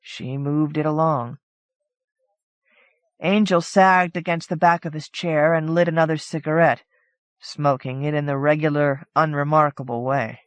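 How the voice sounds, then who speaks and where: A woman's voice: sits low, steady tone, unhurried, dry recording. A woman reading a short story aloud in a casual, conversational first-person telling. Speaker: audiobook narrator. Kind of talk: scripted narration of a short story.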